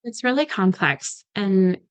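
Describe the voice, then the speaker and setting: A dietitian in her thirties appears as a podcast guest, explaining supplements in an easygoing way with many "like" fillers and imitations of her patients. Her medium-pitched voice has lively intonation and a measured pace, recorded with no echo but in low quality.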